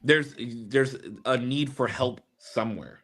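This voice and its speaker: A man's voice: medium pitch, slow pace, fairly bright tone. A young man co-hosting a podcast in casual chat, speaking bluntly and frankly. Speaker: podcast co-host.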